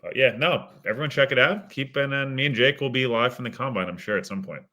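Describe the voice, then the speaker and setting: A man guesting on a sports talk show, self-deprecating, who chuckles often and calls his own voice monotone. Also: medium pitch, quick pace. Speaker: podcast guest. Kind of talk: casual sports chat.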